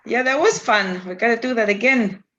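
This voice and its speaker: Blunt, animated woman telling a story. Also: a little high, fairly quick. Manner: blunt, animated storytelling with frequent laughter and swearing. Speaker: storyteller guest. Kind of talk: casual chat. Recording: dull lo-fi recording with faint hiss.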